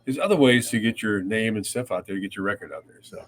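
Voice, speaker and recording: A man's voice: lowish voice, lively intonation, fast. Rambling older man telling radio stories. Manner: rambling anecdotes with acted quotes, swearing. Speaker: radio podcast co-host. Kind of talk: casual storytelling chat.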